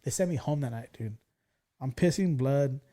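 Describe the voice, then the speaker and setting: A man in his forties from California, hosting a podcast and telling stories in a loose, profane, excitable way. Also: medium pitch, moderate pace. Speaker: podcast host. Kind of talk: casual storytelling chat.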